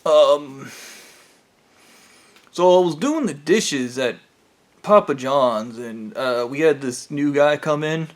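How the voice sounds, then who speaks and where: A man's voice: fairly high pitch, slow pace, pauses often. A man telling a rambling story from his own life in a casual, profane way, with plenty of fillers. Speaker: vlogger.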